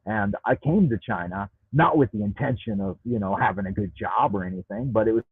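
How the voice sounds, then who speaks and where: A man's voice: on the low side, brisk, a little hiss or hum. A man hosting a livestream, ranting profanely and rambling, repeating words when worked up, talking into a Bluetooth headset. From United States. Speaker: livestream host reading chat. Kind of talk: ranting live chat. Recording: tinny dry Bluetooth audio.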